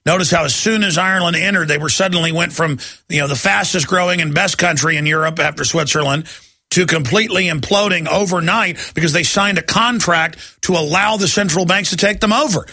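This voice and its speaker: Gravelly, bright-voiced ranting radio host. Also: male voice, fairly high pitch, no room sound, clean studio sound. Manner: combative, ranting, rapid-fire. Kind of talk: heated call-in radio talk.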